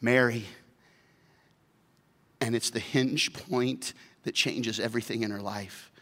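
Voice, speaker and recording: Animated, bright-voiced male pastor. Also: medium pitch, moderate pace, long reverb tail. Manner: animated storytelling, acting out voices. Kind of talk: sermon.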